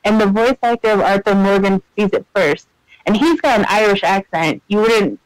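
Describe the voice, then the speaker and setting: High-voiced chatty man telling stories. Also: normal speed, dry recording, rough recording. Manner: chatty, animated storyteller, many fillers and laughs. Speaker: podcast co-host. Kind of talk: casual podcast chat.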